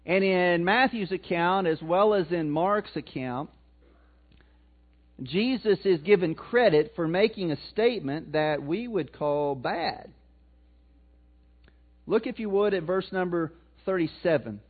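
A man's voice: high voice, expressive, a little slow. A man preaching a sermon in a conversational way, putting questions to his congregation and answering them himself. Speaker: pastor. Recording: tinny phone-like sound.

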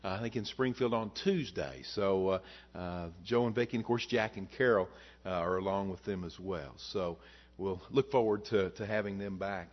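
A man's voice: deep voice, normal speed. A male pastor preaching a sermon to his congregation, telling a story in a folksy way with frequent fillers. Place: church service before a congregation. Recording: dull lo-fi sound.

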